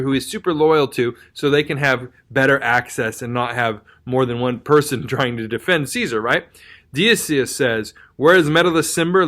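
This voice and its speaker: A young man explaining a play in a casual, animated lesson, full of slang and quick voices for the lines he reads. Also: mid-range voice. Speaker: literature teacher.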